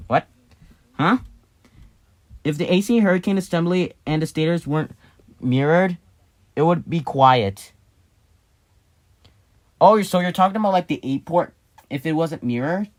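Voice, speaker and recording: A man's voice: fairly high pitch, a little slow, long pauses. A man in a casual vlog, explaining a hobby build in a rambling way, restarting and correcting himself as he works on it. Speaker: hobbyist vlogger.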